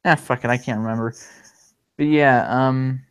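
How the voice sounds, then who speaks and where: A man chatting casually on a livestream as the host, his voice smooth and resonant. He rambles along, full of ums and restarts, at an ordinary middle pitch. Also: steady tone, moderate pace. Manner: rambling, many fillers and restarts.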